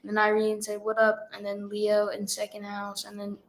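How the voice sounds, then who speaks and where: Flat-voiced young woman reading chat. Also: mid-range voice, moderate pace, low-quality recording.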